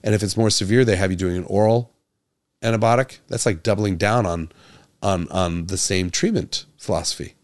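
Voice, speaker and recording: A man's voice: moderate pace, no room sound, clean studio sound. A man hosting a medical podcast alone, talking with passion, stumbling over repeated words and firing rhetorical questions. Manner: grows louder and higher when exasperated. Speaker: podcast host, doctor. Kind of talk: solo podcast monologue.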